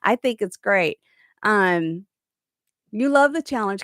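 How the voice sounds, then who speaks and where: A woman's voice: mid-range voice, animated, takes it slowly, a bit bright, no echo, studio quality. A woman with a Southern US accent hosting a casual live-stream chat, reading viewer comments and telling stories with easy laughs. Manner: chatty storyteller who laughs easily. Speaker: host of a live crochet chat.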